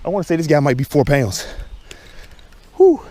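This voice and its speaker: A man vlogging from the shore, chatting casually to viewers in an excitable, chatty way, recorded outdoors. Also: on the high side, moderate pace. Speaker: fishing vlogger. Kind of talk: casual talk to camera. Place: outdoors on a lakeshore.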